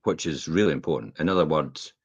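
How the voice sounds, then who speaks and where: Animated deep-voiced man coaching. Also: brisk, breathy edge, no echo, lo-fi sound. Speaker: co-host. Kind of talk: casual podcast chat.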